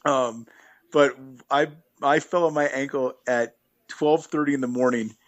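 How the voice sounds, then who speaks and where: An easygoing man recounts trail stories at a relaxed, unhurried clip, his voice sitting at an ordinary middle pitch. He rambles, restarts and fills gaps with "um" and "uh". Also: muffled recording. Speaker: guest, long-distance hiker. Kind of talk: casual interview storytelling.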